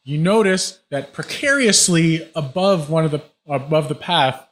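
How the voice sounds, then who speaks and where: Easygoing male game master, slightly high. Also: animated, unhurried, fairly bright tone. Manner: loose, filler-heavy explaining and describing. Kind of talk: narrating a tabletop game.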